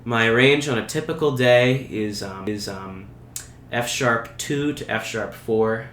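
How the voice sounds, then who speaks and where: A young man speaking earnestly and thoughtfully as a guest, pausing with fillers. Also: mid-range voice, fairly bright tone. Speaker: camp staff guest. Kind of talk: casual interview chat. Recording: roomy recording with faint background hum.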